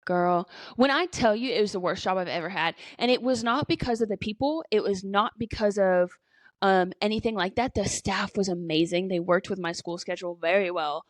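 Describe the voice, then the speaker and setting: A woman's voice: medium pitch, a little fast, no room sound. Twenty-something woman rambling through stories on a podcast, lots of likes, casual swearing, dry mic. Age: 20s. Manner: chatty storytelling full of "like" and "you know". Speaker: podcast co-host. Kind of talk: casual chat.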